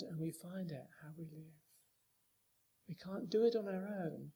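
High-voiced man preaching a sermon. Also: normal speed, darkish tone, slightly rough. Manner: rhetorical questions, rising emphatic delivery.

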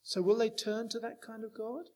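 A man's voice: high-pitched, level tone, normal speed, a little mellow. A man preaching a sermon, talking with emphatic rises and frequent rhetorical questions to the congregation.

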